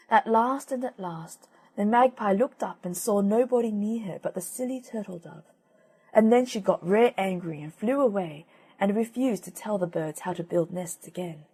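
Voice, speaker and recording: A woman reading old fairy tales aloud as an audiobook narrator, gentle and measured. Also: mid-range voice, husky. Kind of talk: storybook reading.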